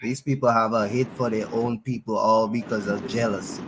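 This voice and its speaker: A man's voice: on the low side, fairly even intonation, normal speed, noisy background. A man on a live online panel, blunt and dismissive, talking in casual street slang. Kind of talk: casual call-in chat.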